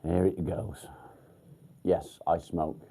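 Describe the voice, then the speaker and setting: An English man hosting a casual livestream, chatting bluntly with viewers, swearing freely and filling pauses with ums. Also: low voice, level tone, warm tone, slightly rough. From England. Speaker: livestream host. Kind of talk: casual live chat with viewers. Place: outdoors by a field.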